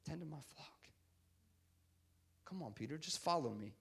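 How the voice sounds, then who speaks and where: A man voicing Jesus as a calm, patient figure in a sermon, speaking softly and coaxingly. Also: a little high, moderate pace, creaky, slightly rough, heavily acted. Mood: gentle urging.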